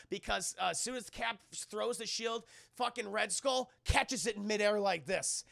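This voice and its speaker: An excitable man streaming a movie recap to his chat, swearing often and breaking into quick mock voices for the characters. His voice is very gravelly, bright and edgy. The sound is close and dry, from a streaming mic. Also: sits high, no echo. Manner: profane, excitable, acts out scenes in quick funny voices. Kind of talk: animated spoiler recap with chat.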